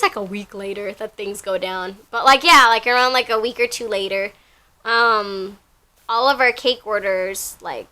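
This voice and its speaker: A young woman with a somewhat high, bright voice tells a story to her viewers in a casual vlog. She talks in a chatty, animated way, packed with filler words. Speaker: storytime vlogger.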